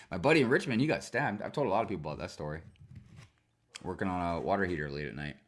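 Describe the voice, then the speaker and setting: Profane, animated ranting man. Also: low-pitched, quick pace, long pauses. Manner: profane, animated storytelling with frequent swearing and fillers. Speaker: streamer. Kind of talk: casual ranting monologue.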